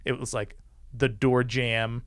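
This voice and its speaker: A man with a gravelly, creaky voice recounts a story as a podcast guest. He is animated and acts out the people he quotes, with frequent swearing. The sound is dry and close, with no room echo. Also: mid-range voice, slow. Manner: swears freely. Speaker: podcast guest, former police officer. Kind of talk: casual storytelling.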